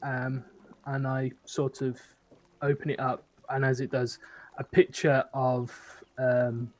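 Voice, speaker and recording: A man's voice: mid-range voice, monotone, takes it slowly, darkish tone. A man playing a tabletop game, hesitantly describing what his character does. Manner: hesitant, lots of fillers. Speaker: player.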